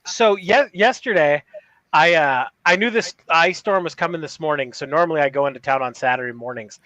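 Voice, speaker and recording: Middle-aged male co-host, profane storyteller, high pitch, dull lo-fi sound. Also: a little fast, fairly bright tone, no echo. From Upper Peninsula of Michigan. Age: 40s. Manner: profane, laughing, does accent impressions. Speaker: podcast co-host. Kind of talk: casual comedic banter.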